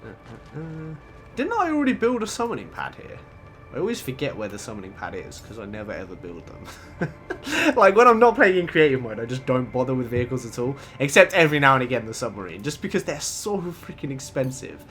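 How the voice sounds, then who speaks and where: A young man giving excitable let's play commentary, gushing and laughing often as he plays. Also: medium pitch, fairly quick, soft background music. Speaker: gaming channel host.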